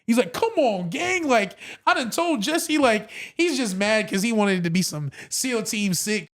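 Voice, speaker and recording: A man guest on a podcast, telling a story in a casual, animated way and acting out what others said. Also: sits high, a little slow. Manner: animated, acts out quotes, says bro a lot.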